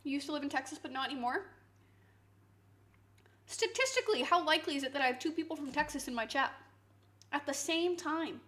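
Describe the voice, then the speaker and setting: A woman's voice: sits high, lively intonation, a little fast, pauses often, a bit bright. A woman, chatting casually and teasingly with her viewers during a cooking stream. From Canada. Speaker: live streamer.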